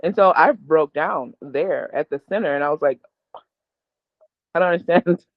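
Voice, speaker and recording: A woman guest with a deep, expressive voice tells candid, emotional stories about her own life at normal speed, laughing often. The line sounds tinny, dry and phone-like, with no echo.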